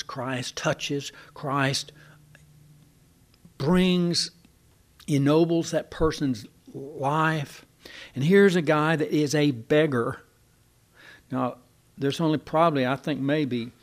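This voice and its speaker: Older male preacher, folksy and digressive in delivery. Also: medium pitch. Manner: folksy, digressive, with many restarts and asides. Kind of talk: sermon.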